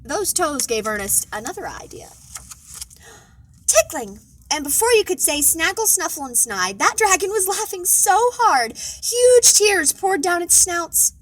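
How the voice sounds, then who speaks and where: Brief: high, animated woman librarian, playful picture-book read-aloud. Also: a little slow, low-quality recording. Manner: expressive, playful storytelling. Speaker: children's librarian. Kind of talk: children's storytime read-aloud.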